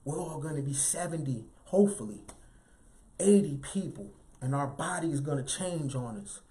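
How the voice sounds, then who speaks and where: A man giving an animated, emphatic motivational talk in a light, youthful voice, often tagging lines with "right?". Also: a little high, moderate pace. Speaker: motivational speaker.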